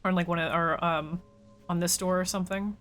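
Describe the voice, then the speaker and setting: A woman's voice: lowish voice, fairly even intonation, fairly quick, fairly bright tone, faint music behind. Chatty woman streaming a game. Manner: chatty, thinking aloud, talks to chat. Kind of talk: casual gameplay commentary.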